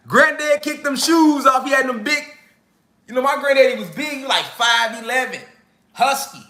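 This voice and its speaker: Man, young adult, very high voice, bright and sharp tone, slangy comic storytelling, acts out relatives. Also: moderate pace, echoey room. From Chicago. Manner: animated, slangy, acts out family members. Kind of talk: comedic storytelling.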